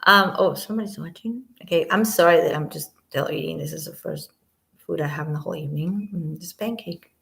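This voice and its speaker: A woman giving casual commentary on an audio clip, rambling and sometimes dropping to a quiet near-whisper. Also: deep voice, fairly quick, vocal fry.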